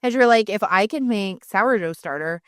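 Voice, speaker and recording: A woman co-hosting a podcast in casual chat, telling stories lively and acting out the people she quotes. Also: medium pitch, moderate pace, clear, resonant tone, dry recording, clean studio sound. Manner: animated storyteller, acts out quoted people. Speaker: podcast co-host.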